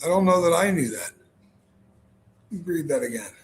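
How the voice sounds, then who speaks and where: A man co-hosting a casual podcast, laughing along and then explaining things in a steady way. His voice sits a little high for a man, and faint background noise runs under the recording. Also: normal speed. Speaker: podcast co-host. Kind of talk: casual chat.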